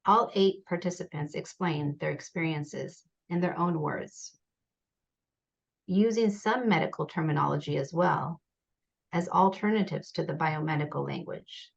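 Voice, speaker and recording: A woman presents research in a measured, deliberate way, reading quotations aloud. Her voice sits low with a gravelly fry. The sound is dull and lo-fi, like a recorded video call. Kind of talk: academic presentation reading interview quotes.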